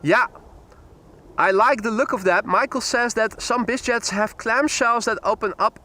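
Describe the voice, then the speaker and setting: A man's voice: high voice, a little slow, sharp tone. A man hosting a live stream, chatting casually while commenting on arriving airplanes and greeting viewers. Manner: chatty, reads viewer comments, laughs easily. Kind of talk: live plane-spotting commentary.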